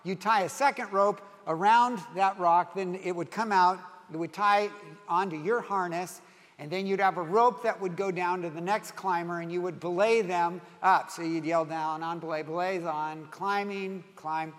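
A high-voiced older man in his sixties is preaching from the pulpit, breaking off into a loose, chuckling personal story. His phrases restart and wander before he gets to the point. A long reverb trails behind every phrase. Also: moderate pace. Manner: rambling, self-interrupting storyteller who laughs at his own tale. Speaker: pastor. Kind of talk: sermon with storytelling.

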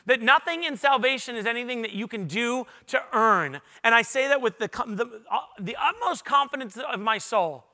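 A male pastor preaching a sermon to a large congregation in a church, earnest, rising to loud emphatic peaks and dropping to quiet confessional moments. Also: extremely high pitch.

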